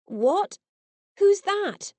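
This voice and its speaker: A woman's voice: fairly high pitch, animated, drawn-out words, dry recording, full character voice. A woman voicing a drowsy old man who mumbles and teases. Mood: teasing. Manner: mumbling, teasing.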